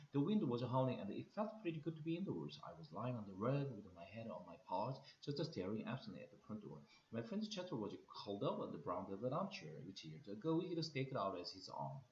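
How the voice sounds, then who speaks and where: A Korean-accented man reads a children's novel aloud, his voice swinging up and down with lively expression. The sound is roomy and slightly dull, as if taped on simple gear. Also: lowish voice, brisk, slight background noise. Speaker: English teacher reading aloud. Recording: echoey room, dull lo-fi sound.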